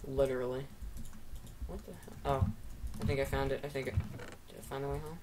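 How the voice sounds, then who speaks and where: A man's voice: medium pitch, fairly even intonation, a little fast. A man chatting casually and goofily while playing a game together, full of crude jokes. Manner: goofy, joking, crude banter. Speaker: let's play gamer. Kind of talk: casual gaming chat. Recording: distant mic with noticeable noise.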